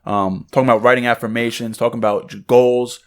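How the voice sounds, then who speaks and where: A man co-hosting a casual podcast, talking in a relaxed, conversational way. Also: mid-range voice, fast. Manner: relaxed, conversational, lots of fillers. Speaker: podcast co-host. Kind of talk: casual chat.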